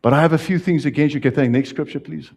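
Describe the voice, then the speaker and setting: A man with a South African accent preaching a sermon to his congregation, swinging between loud rising lines and soft dropped asides. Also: on the high side, very fast, creaky. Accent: South African English. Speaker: pastor.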